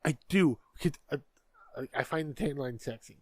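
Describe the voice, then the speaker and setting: A man's voice: on the high side, normal speed, husky, dry recording. A man co-hosting a podcast in casual political chat, blunt and profane, often stumbling over repeated words. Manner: blunt, profane, stammers on restarts. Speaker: podcast co-host.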